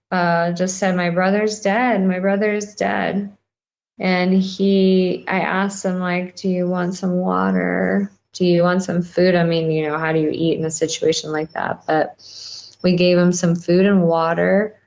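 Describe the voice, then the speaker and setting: A woman guest on a podcast interview, recounting a personal experience in a rambling, halting way with many fillers. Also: on the low side, a little mellow, dull audio.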